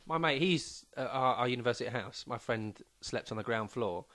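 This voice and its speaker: A man's voice: medium pitch, normal speed, dry recording. A young man co-hosting a comedy podcast, telling anecdotes and laughing often. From England. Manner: laughs often, lively storyteller. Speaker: podcast co-host. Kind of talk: casual comedy chat.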